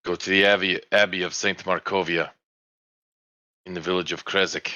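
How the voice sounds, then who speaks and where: A man voicing a grieving older village priest in a tabletop game, speaking in a solemn, measured way. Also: low voice, little pitch movement, pushed and bright, no echo, dull audio.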